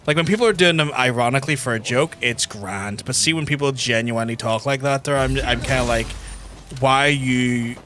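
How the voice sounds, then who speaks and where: A man's voice: mid-range voice, fast talker, hardly any pauses, bright, forceful tone, slight background noise. A young Irish man chatting casually on a gaming livestream, blunt and sweary, full of restarts and fillers. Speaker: gaming streamer. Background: game music.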